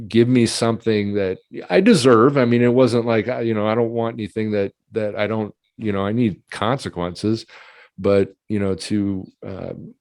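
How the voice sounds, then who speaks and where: A man with a lowish voice hosts a casual talk and tells his own story openly and chattily, with the odd laugh. His voice is close and dry, with no room sound. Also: a little mellow, no echo. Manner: candid and chatty, laughs and clears throat while telling his story. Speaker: podcast host.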